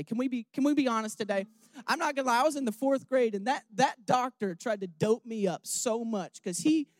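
A young man preaching a candid sermon, rambling with restarts and questions to his listeners, swinging from hushed emotion to loud rousing calls. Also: extremely high pitch, dry recording.

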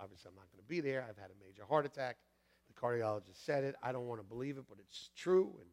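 Animated high-voiced male pastor, gravelly. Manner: animated, acts out voices with shouts and laughs. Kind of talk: storytelling sermon. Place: church sanctuary. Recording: long hall reverb.

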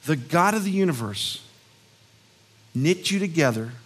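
A man's voice: a little high, lively intonation, a little slow, slightly rough. A man preaching a sermon as a pastor, conversational and earnest, telling stories and acting out quotes with emphasis. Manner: conversational, storytelling with acted-out quotes.

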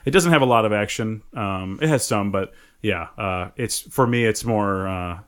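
A man co-hosting a casual chat, animated, laughing often and restarting his sentences. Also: lowish voice, moderate pace, smooth. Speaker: podcast co-host.

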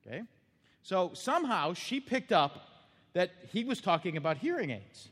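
A man's voice: high-pitched, big pitch swings, moderate pace, fairly bright tone, long reverb tail. A man preaching a sermon as pastor, telling stories in a plain, earnest, conversational way.

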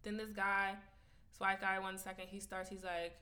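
A young woman co-hosting a casual chat, telling stories in profane slang and getting loud when excited. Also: mid-range voice, normal speed.

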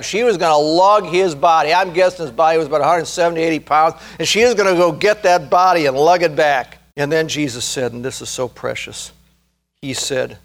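Male preacher, high-pitched, earnest sermon delivery that slows and swells for emphasis. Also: a bit bright. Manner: earnest, rising to fervent emphasis, slows to stress key words. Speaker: pastor.

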